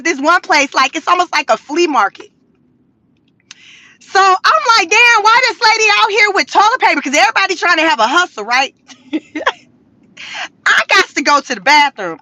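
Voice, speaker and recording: A woman's voice: high-pitched, no room sound. A woman vlogger telling stories in a car, talking casually with lots of slang, cursing and laughter. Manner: animated, profane, laughing, slangy. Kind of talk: casual storytelling to camera.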